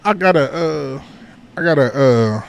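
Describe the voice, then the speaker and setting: A man's voice: on the high side, animated, a little slow, vocal fry, clean tone. A man from Philadelphia, a comedian guest on a podcast, chatting casually and animatedly, swearing and saying "you know what I mean" a lot. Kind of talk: casual chat.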